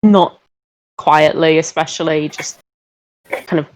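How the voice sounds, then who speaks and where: Low-voiced woman playing a tabletop game. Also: fairly even intonation, takes it slowly, low-quality recording. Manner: tentative, hedging. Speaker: player. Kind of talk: tabletop role-play chat.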